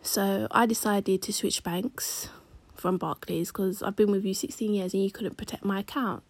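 A woman tells a personal story to camera, casual and slangy. Her voice is breathy and sits at a middling pitch. She talks close to a dry mic and often drops into hushed asides. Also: steady tone, moderate pace, no echo. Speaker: vlogger.

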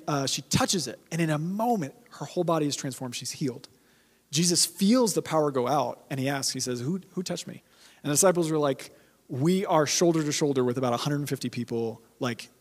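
A man preaching to his church in a loose, conversational way, hammering points home through repetition. His voice sits a little high for a man. The sound carries a long reverb, as in a large hall. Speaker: pastor. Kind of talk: sermon.

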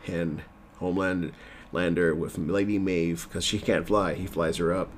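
Deep-voiced man rambling through a recap. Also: steady tone, measured pace, a little hiss or hum. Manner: rambling, self-deprecating, loose with fillers. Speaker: TV episode recapper.

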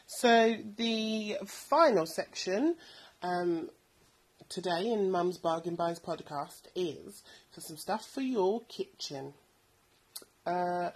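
Woman, 30s, podcast host; husky and slightly low, rambling and chatty. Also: darkish tone, poor audio. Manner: chatty, rambling, many ums. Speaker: podcast host recommending bargain buys. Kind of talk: casual product recommendations.

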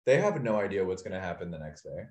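A young adult man co-hosting a casual podcast, telling stories and acting out quotes with soft, trailing asides. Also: low voice, sing-song, fast, highs cut off. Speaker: podcast host. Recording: echoey room.

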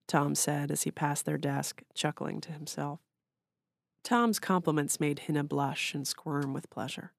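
Low, gravelly woman reading fiction. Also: no room sound, studio quality. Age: adult. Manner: measured and even. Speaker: author reading her story.

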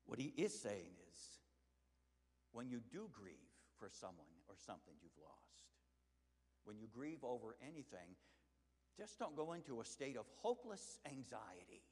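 A man preaching a sermon as pastor, animated and building to emphatic peaks, often repeating words as he restarts. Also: medium pitch, in a large hall.

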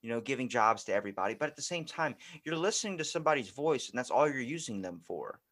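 A man hosting a podcast in casual chat. He is animated and profane and often jumps into acted quotes. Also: medium pitch, fast. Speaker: podcast host.

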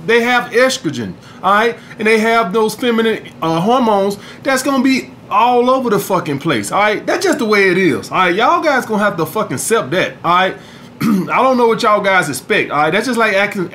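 Casting: high-voiced man, podcast host, swearing, casual lecturing tone, faint room hum. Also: animated, brisk, sharp tone. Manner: profane, repeats "all right?". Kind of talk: casual monologue.

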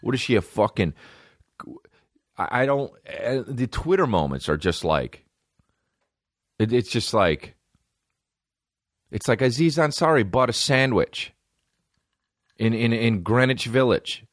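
A man's voice: medium pitch, expressive, measured pace, pauses often, no room sound, clean studio sound. A man in his thirties hosting a casual solo comedy podcast, rambling and swearing, slipping into mimicked voices of other people. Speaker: podcast host. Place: small indoor room with a creaky chair.

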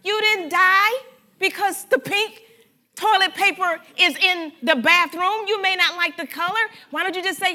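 A woman pastor preaching a sermon in an animated, conversational way, joking with and speaking directly to her congregation. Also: very high-pitched, normal speed. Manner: animated, conversational preaching with humor and audience address.

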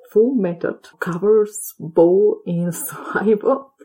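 A woman's voice: medium pitch, warm tone, breathy edge, low-quality recording. A woman giving a chatty, opinionated recap of a TV episode, with wry asides and a voice. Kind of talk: casual spoken episode recap.

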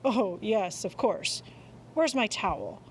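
Lady reading a flustered dad in a kids story, lots of uhs, lively voice. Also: mid-range voice, slow pace, slight background noise. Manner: hesitant, stumbling with fillers. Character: flustered father, hesitant and mild.

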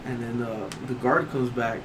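A man's voice: mid-range voice, fairly even intonation, moderate pace. A young man casually telling stories to friends, loose and rambling, full of fillers and swearing. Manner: swearing freely, laughs through punchlines. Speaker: storyteller among friends. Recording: noisy ambient background.

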